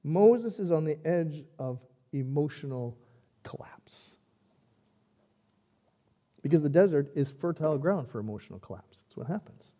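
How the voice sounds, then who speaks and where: A man preaching a sermon in a conversational, animated way, acting out quoted lines. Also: on the high side, brisk, few pauses. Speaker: pastor.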